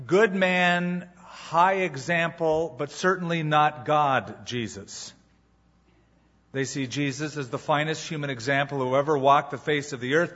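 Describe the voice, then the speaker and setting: A man preaching a sermon as pastor, telling a story with dramatic pauses before moving into his teaching. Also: a little high, a bit bright, dull audio.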